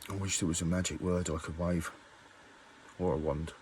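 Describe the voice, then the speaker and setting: A man's voice: low-pitched, little pitch movement, normal speed, a little mellow, a little hiss or hum. A man ranting angrily at his viewers, swearing often and firing off rhetorical questions. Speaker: musician vlogger. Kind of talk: angry rant to camera.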